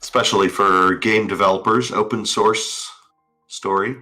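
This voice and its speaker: A man's voice: fairly low pitch, a little slow, faint music behind. A man co-hosting a casual online talk show, rambling loosely with fillers. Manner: relaxed, rambling with filler words. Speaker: podcast co-host. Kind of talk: casual chat.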